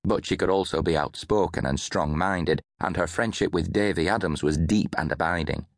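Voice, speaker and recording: A man narrating an audiobook in a measured storytelling manner, close to a studio mic. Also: deep voice, dry recording. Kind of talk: scripted narration.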